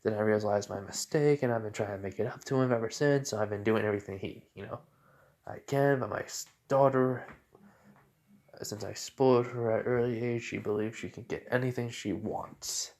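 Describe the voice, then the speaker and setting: A man voicing a proud, relaxed adult ninja father in a fan-made story retelling, in nearly his own voice. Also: lowish voice, normal speed, lightly acted. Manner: relaxed, boastful, plain retelling.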